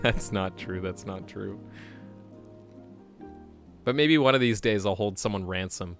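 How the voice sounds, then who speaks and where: A young adult man streaming a game, chatting playfully with his viewers and breaking into sudden loud shouts. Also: fairly low pitch, measured pace, faint music behind. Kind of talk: casual live-stream chat.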